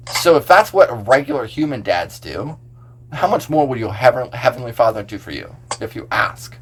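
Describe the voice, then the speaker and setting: A man, a pastor, talking casually on a podcast, explaining scripture verse by verse with a loose, filler-heavy manner. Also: medium pitch.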